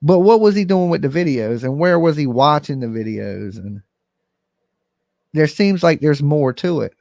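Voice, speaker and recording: A man's voice: fairly high pitch, animated, moderate pace, vocal fry, a little mellow, dry recording, clean studio sound. A man hosting a live call-in commentary stream, talking bluntly and emphatically straight to his viewers. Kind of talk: casual livestream commentary.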